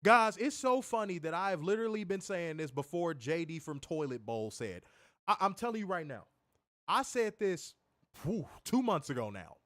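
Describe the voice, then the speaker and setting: A man's voice: sits high, animated, moderate pace, fairly bright tone, dry recording, studio quality. A man hosting a wrestling review stream, ranting in a profane, mocking, emphatic way. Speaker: wrestling show host. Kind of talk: casual profane rant on a livestream.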